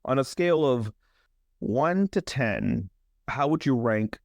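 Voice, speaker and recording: A young man co-hosting a horror podcast, recapping a movie in a casual, animated way, joking and laughing. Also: medium pitch, slow pace, creaky, no room sound, lo-fi sound. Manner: animated storyteller, jokes and laughs. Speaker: podcast co-host.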